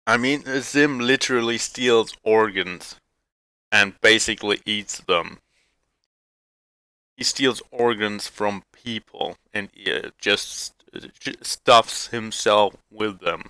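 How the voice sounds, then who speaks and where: A co-host in casual chat, a man who rambles and swears, stopping and restarting his sentences. He talks very slowly, in a dry, close sound with no room around it. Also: on the low side, pushed and bright, clear, resonant tone, no echo. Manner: rambling, profane, halting with many restarts.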